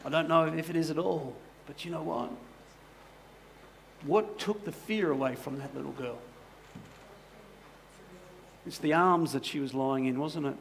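A male pastor delivers a sermon in a chatty storytelling manner, tossing in frequent asides to the congregation. His voice sits a little high for a man and carries a gravelly texture, with a faint hiss underneath. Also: a little slow, long pauses. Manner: conversational, many "you know" asides.

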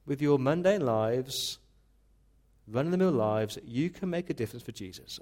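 A male pastor delivers a sermon with earnest emphasis, pressing his points and often restarting a word before carrying on. His voice sits at an ordinary middle pitch. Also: expressive, normal speed, a little mellow.

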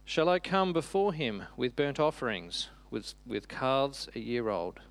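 A man voicing a sweet little girl who reads a scripture passage slowly and carefully. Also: medium pitch, big pitch swings, dry recording. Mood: earnest. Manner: slow, careful reading.

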